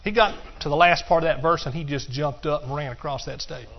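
A middle-aged male preacher delivers a sermon in a high voice. He breaks into song now and then and calls out to his congregation. The sound is dull and muffled. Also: a little fast, gravelly.

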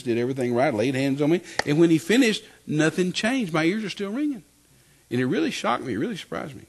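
An older man from West Texas, preaching and telling his testimony as a lively story, often repeating phrases. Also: a little high, quick pace, slightly rough. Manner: animated storytelling, repeats phrases, acts out quotes. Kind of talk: sermon testimony.

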